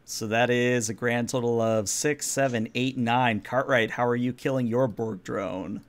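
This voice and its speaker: Man, game master, tabletop game, relaxed, fillers, mid pitch. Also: measured pace. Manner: relaxed, explains rules with fillers. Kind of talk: narrating a tabletop game over voice chat.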